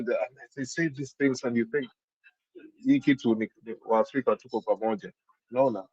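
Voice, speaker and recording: A man's voice: medium pitch, fairly quick, darkish tone, husky, dry recording. Man, Kenyan accent, rambling casual chat, frequent restarts, muffled lo-fi audio. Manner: rambling, frequent restarts, mixes Swahili into English.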